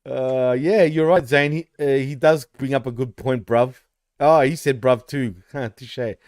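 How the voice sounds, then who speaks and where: A man's voice: medium pitch, steady tone, unhurried, a little mellow, no echo, studio quality. A man co-hosting a casual wrestling podcast, swearing freely, teasing and laughing often. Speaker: podcast co-host.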